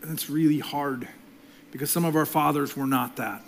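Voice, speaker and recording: A middle-aged male pastor preaching a sermon, swinging between loud emphasis and soft, near-whispered passages. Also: fairly high pitch, fairly even intonation, normal speed, a little hiss or hum.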